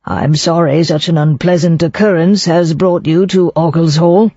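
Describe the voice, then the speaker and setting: Worried elderly gentleman, soft-spoken, dull dry recording, narrator's voice. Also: medium pitch, fairly even intonation, dry recording, close to an everyday voice. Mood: anxious. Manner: gentle, hesitant, slow. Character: anxious, kindly elderly baronet.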